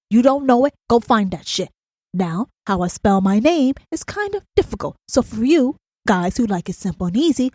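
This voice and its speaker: A woman's voice: medium pitch, dry recording, clean studio sound. A woman hosting a podcast, ranting in a blunt, profane, emphatic monologue and often asking if the listener understands. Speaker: podcast host.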